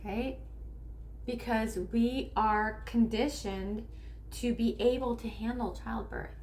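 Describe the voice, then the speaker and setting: A woman's voice: on the high side, steady tone, darkish tone, a little hiss or hum. Woman spiritual coach rambling to camera. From Northern California. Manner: rambling, with restarts and acted-out quotes; slows down to stress key points. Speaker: spiritual coach and tarot reader. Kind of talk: casual monologue to camera.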